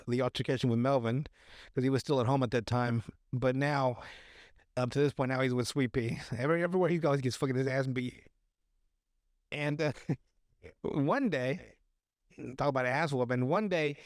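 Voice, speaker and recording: A man on a podcast casually recapping a movie, profane and animated, acting out the characters' lines as he goes. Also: medium pitch, dry recording, clean studio sound. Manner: profane, animated retelling with acted-out quotes. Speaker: podcast host.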